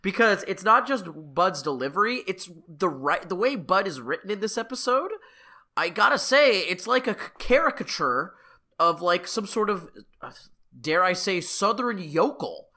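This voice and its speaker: A man from Canada co-hosting a casual podcast, talking in a passionate, animated way with lots of restarts. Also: high-pitched, moderate pace. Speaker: podcast co-host. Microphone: headphones with a mic.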